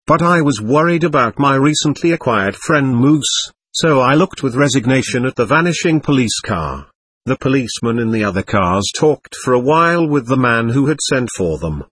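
A man narrating a first-person story in a steady, expressive reading. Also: mid-range voice, normal speed, slightly rough, dry recording.

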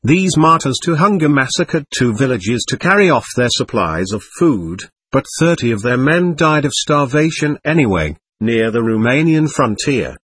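A man reading a war memoir aloud in scripted audiobook narration, measured and somber. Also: medium pitch, sing-song, a bit bright, husky, dry recording.

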